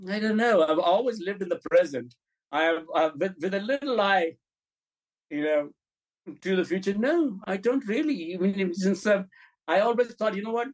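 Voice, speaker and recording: A man, a film and commercial director, telling anecdotes in an interview, animated and blunt, acting out dialogue and swearing now and then. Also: sits high, moderate pace, rough recording. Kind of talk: interview storytelling.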